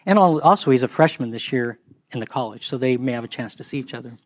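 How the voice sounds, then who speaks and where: A man's voice: fast talker, no room sound. A middle-aged man telling a casual story, acting out the people he quotes. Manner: animated, acts out quoted voices in higher pitch.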